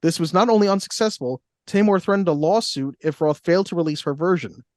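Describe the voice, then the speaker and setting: A man co-hosting a casual podcast, reading out trivia and cracking dry jokes between the facts. His voice sits a little high for a man. The recording is close and dry. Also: fast, dry recording. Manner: dry jokey asides. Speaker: podcast co-host.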